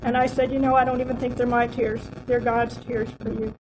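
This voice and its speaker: Woman sharing a church testimony, rambly with lots of ums, kinda high voice, noisy recording. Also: little pitch movement, a little fast. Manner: heartfelt, rambling with many fillers. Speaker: outreach team member sharing testimony. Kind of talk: personal testimony at church report.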